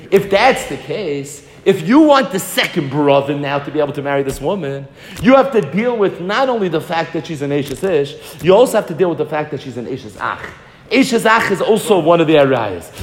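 A man teaching a Talmud class in a lively lecture style, acting out the voices of commentators and repeating words as he builds each argument. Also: on the high side. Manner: animated, acts out the voices of commentators. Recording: long reverb in a hall.

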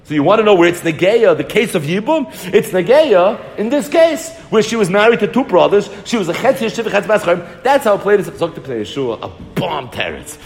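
A man teaches a Talmud lesson in a lively, animated way, with a voice pitched a little high that swings up and down a lot. He argues both sides of each point and often repeats words as he works through them. His voice rings with a long, echoing reverb. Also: fairly quick, hardly any pauses. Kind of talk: Talmud lecture.

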